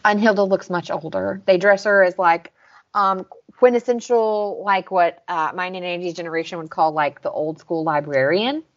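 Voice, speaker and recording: A woman's voice: lowish voice, moderate pace. Chatty Southern woman podcast co-host. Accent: Southern American. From American South. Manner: chatty, recaps scenes with quoted lines and frequent "like". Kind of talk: casual chat reviewing episodes. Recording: slightly dull lo-fi podcast audio.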